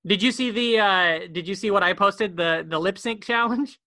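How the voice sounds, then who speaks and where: A man's voice: high voice, sharp tone, no echo. A man co-hosting a podcast from his bedroom, rambling and joking in casual chat, often repeating words. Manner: rambling, jokey, talks fast and repeats words. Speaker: podcast co-host. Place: bedroom at home.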